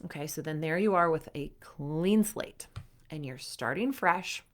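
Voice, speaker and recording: A woman's voice: deep voice, measured pace. A young adult woman coaching athletes in a casual, chatty way, full of fillers and acted-out inner thoughts. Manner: chatty, frequent "like" fillers, acts out inner voices. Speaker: performance coach.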